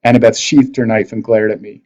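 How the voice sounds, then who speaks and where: A man's voice: fairly low pitch, a little fast, poor audio. Man teacher reading a novel aloud. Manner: expressive read-aloud narration.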